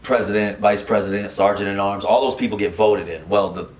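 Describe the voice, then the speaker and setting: Middle-aged man, comedian guest, animated and profane, roomy studio echo. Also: on the low side, fairly quick, crowd noise. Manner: animated, profane, many fillers and restarts. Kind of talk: casual storytelling chat. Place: podcast studio.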